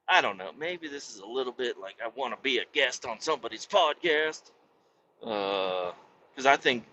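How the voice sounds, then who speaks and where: A man's voice: mid-range voice, bright, forceful tone, a little hiss or hum. Rambling, cussing male podcaster. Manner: rambling, profane, self-interrupting. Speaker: podcast host. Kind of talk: casual solo podcast monologue. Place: home podcast setup in Missouri. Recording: dull lo-fi recording.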